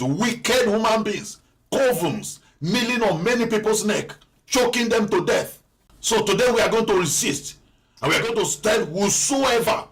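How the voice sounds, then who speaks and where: Male pastor, fairly high voice, fervent repetitive sermon delivery, rising to shouted prayer. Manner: preaching with repetition, building to impassioned prayer.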